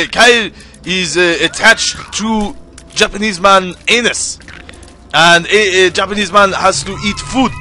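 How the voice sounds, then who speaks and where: A young man putting on a loud, over-the-top cartoonish caricature voice, yelling in broken grammar. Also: high-pitched. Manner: yelling, broken grammar, exaggerated put-on accent.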